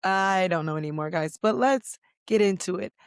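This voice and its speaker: A hoarse woman, her voice mostly gone, hosts a casual solo podcast from a chilly office. She talks in a chatty, rambling and self-deprecating way at a middle pitch. The sound is dry and close, with no room echo. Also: normal speed. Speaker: podcast host. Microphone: computer recording setup.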